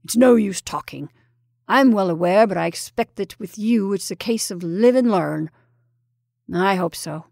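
A woman voicing a gruff, blunt older male army colonel. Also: medium pitch, unhurried, a little mellow, no echo, clean studio sound. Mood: blunt warning.

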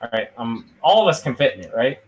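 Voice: very animated, fast, a little hiss or hum, rough recording. A player in a tabletop game, joking and swearing casually. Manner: playful, profane, pitch jumps up when joking.

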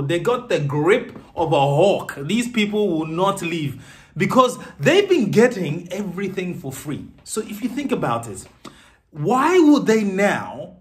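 A man giving animated, sarcastic political commentary as a vlogger. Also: fairly high pitch.

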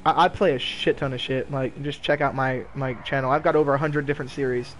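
A young man streaming a game, talking casually with loud, profane, laughing trash talk. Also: mid-range voice, steady tone, a little fast, a little hiss or hum. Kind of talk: casual gaming stream commentary.

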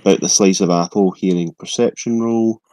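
A man's voice: low voice, steady tone, fairly quick, warm tone, no room sound, low-quality recording. A man playing a tabletop game, plainly stating his character's actions. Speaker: player. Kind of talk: casual tabletop game play.

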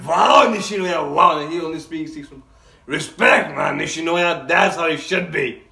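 A man giving excited anime reaction commentary, gushing and exclaiming often. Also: fairly high pitch, unhurried, gravelly. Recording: roomy echoey room.

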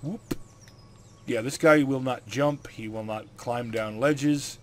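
A man's voice: medium pitch, slow, a little hiss or hum. A man hosting a let's play, with a playful, theatrical delivery. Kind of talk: gameplay commentary.

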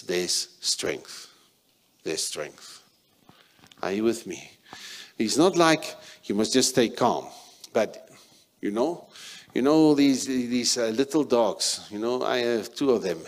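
Low-voiced South African pastor preaching. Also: male voice. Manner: emphatic preaching, sudden loud and soft shifts. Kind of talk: sermon.

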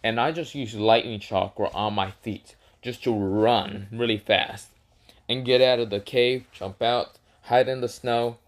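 A man's voice: medium pitch, steady tone, unhurried. A man casually telling a self-made adventure story, rambling with lots of fillers and stopping to correct himself. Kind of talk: casual fan-fiction storytelling.

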